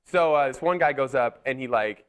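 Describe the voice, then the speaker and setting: A male stand-up comedian telling road stories in a casual interview, animated and joking. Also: medium pitch, moderate pace, clean tone. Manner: animated storytelling with voiced asides.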